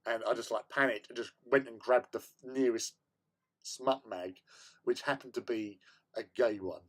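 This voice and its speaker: A man with a medium-pitched voice and moderate pace tells a story while hosting a relaxed hobby stream from his home hobby room. Laughter comes often, and he stammers and repeats himself in his animated delivery.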